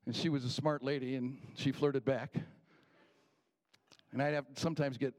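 A man telling a personal story from his boyhood in a folksy, unhurried way, with small restarts. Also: mid-range voice, fairly even intonation, darkish tone.

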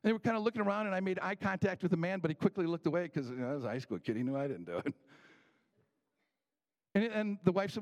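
A slightly higher-voiced man telling a story in a folksy, unhurried manner. He circles back and restarts now and then, like someone talking at a table. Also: animated, a little mellow. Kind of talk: personal storytelling.

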